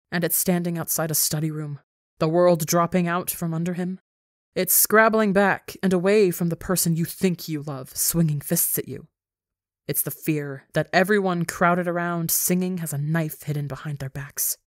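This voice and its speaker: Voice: mid-range voice, steady tone, moderate pace, dry recording, clean studio sound. A podcast reader narrating a fan fiction story with intense, dramatic storytelling.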